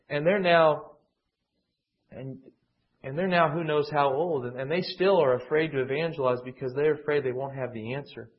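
A man teaching a conversational Bible lesson, digressive and emphatic, often restarting his sentences. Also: on the high side. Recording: dull lo-fi classroom recording.

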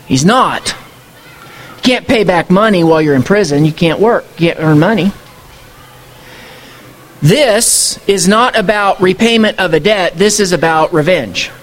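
Male pastor, high voice, conversational sermon full of rhetorical questions.

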